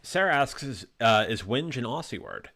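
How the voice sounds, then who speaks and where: A man's voice: mid-range voice, very animated, moderate pace, sharp tone. A man hosting a casual live stream, joking with his co-hosts and reading out viewers' chat comments. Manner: jokey, reads out chat comments. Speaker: host.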